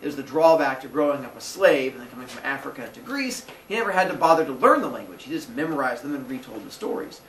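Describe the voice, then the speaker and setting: Man, young adult, teacher, playful storytelling, lively pitch, echoey classroom. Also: fast, hardly any pauses, far from the mic. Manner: playful, acts out characters. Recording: echoey classroom, faint noise.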